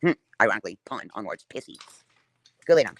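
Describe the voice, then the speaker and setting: A woman's voice: rumbling low, sing-song, quick pace, dry recording. A woman livestreaming a defiant, profane rant straight at her viewers.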